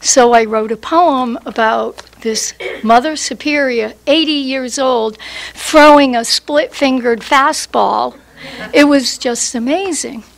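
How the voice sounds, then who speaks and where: A woman with a high voice introduces and recites her poem at a standing microphone. She talks like a lively, conversational storyteller and takes an unhurried pace, letting her words land. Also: vocal fry, poor audio. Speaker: poet. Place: public poetry reading.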